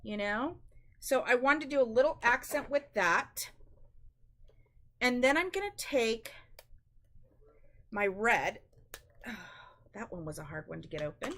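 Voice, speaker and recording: Slow-talking woman demonstrating crafts. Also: on the high side, fairly bright tone. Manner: chatty, instructive, addresses viewers as guys. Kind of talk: live-stream craft demo.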